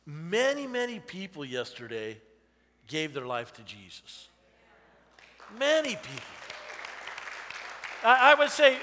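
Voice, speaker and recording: Pastor, man, fifties, high and bright, folksy storytelling sermon in a reverberant church hall. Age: 50s. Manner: personal storytelling, many "you know" asides. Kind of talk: conversational sermon. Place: church sanctuary.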